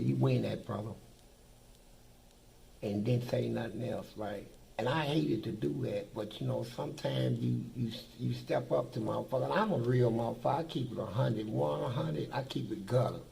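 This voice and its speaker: An older man with a deep, heavily gravelly voice tells his stories bluntly, swearing freely and talking in a streetwise way. He speaks as a guest answering in an interview. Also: a little fast, few pauses, warm tone, a little hiss or hum, rough recording. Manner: blunt, profane, streetwise storytelling. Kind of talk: casual storytelling.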